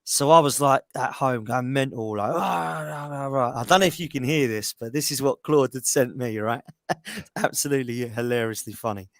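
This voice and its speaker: A man's voice: medium pitch, moderate pace, dry recording. A man guesting on a casual podcast reminisces fondly, laughing as he goes and circling back over his words. His voice sits in a middle register. The sound is dry and close. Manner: warm reminiscing, laughs, repeats himself.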